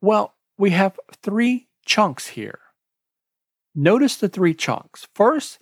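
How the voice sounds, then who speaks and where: A man hosting a podcast lesson on exam preparation, reading a scripted, deliberate lesson and spelling out web links letter by letter. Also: high-pitched, sing-song, gravelly, no room sound, studio quality. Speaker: exam prep podcast host.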